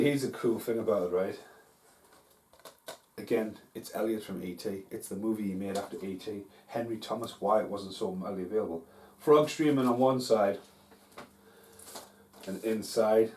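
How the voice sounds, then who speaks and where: A man's voice: on the low side, darkish tone, a little hiss or hum. A man hosting a casual film review vlog at home, rambling and swearing freely. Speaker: host. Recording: roomy, distant from mic.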